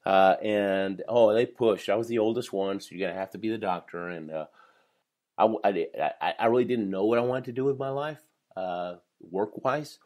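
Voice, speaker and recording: A man's voice: fairly low pitch, normal speed, darkish tone. A man in his fifties, a professional speaker, telling his life story in a podcast interview with energy and frequent laughter. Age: 50s.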